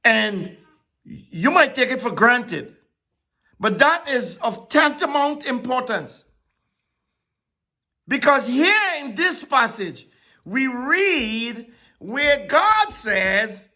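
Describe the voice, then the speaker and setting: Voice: mid-range voice, sharp tone. A Bible teacher preaching a sermon-style lesson, who asks rhetorical questions and repeats key phrases for emphasis.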